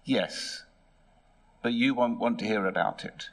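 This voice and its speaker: A man's voice: fairly low pitch, a little slow. Glum, torn young man voiced by a male preacher, pleading and troubled.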